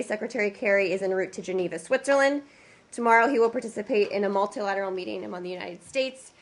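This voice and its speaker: A woman in her thirties, a government spokesperson, leading a press briefing in a briefing room. She is losing her voice and moves briskly between prepared statements and informal asides. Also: mid-range voice, fairly bright tone. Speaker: deputy spokesperson.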